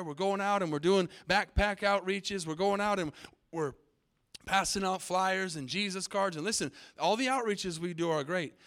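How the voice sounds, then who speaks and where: A middle-aged pastor with a high, slightly bright voice preaches emphatically from the pulpit of a church sanctuary, trading call-and-response with his congregation.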